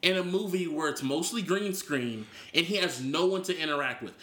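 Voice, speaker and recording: A man co-hosting a podcast in casual chat, animated, opinionated and profane. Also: a little high, fairly quick, echoey room. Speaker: podcast co-host.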